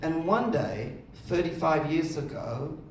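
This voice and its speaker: A middle-aged film director telling lively anecdotes during an on-stage festival conversation, acting out the voices of other people. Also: male voice, on the high side, unhurried, a little hiss or hum. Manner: animated storyteller, acts out other voices. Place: festival stage before an audience. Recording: echoey room, mic at a distance.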